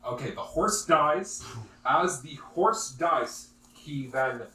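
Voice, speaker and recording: A man's voice: a little high, expressive, slow pace, pushed and bright. Distant, echoey male game master. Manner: matter-of-fact, explains rules patiently. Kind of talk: narrating tabletop combat. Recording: roomy, distant mic, faint noise.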